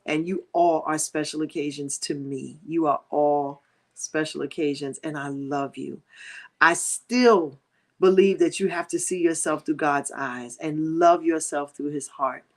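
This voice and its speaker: A middle-aged woman hosting a livestream, talking to her viewers with deep emotion and prayerful gratitude, near tears in her grief. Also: steady tone, unhurried. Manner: emotional, warm-hearted, prayerful, addressing viewers directly. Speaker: livestream host. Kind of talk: heartfelt livestream talk.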